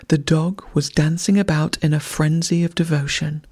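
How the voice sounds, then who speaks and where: An audiobook narrator reading a bedtime story in a soft, half-whispered voice. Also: medium pitch, fairly even intonation, normal speed, hardly any pauses, breathy edge, dry recording, clean studio sound.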